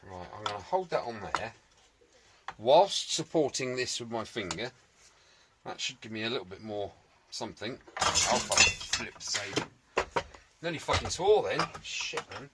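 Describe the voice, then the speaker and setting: A man's voice: medium pitch, animated, a little slow, long pauses, very noisy. A man talking through a restoration job in his workshop, chatty and jokey, muttering to himself and swearing mildly. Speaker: restoration video maker.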